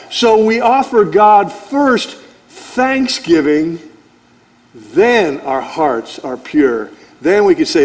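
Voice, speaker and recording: A man teaching verse by verse through a Bible passage as a pastor, talking conversationally and acting out short lines of dialogue. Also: high voice. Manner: animated, acts out God's voice and conversational asides.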